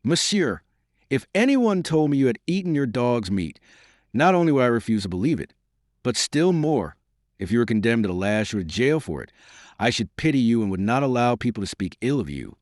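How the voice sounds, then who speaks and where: A man's voice: medium pitch, sing-song, moderate pace, a little mellow, no room sound, clean studio sound, lightly acted. A man voicing a proud, weary middle-aged musketeer who speaks in a dignified, curt way for an audiobook. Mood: stern.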